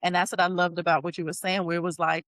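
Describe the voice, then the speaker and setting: A woman hosting a podcast, telling stories in a lively casual chat and acting out what people said. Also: fairly low pitch, fast talker, no echo. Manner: animated storytelling, acts out quotes. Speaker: podcast host.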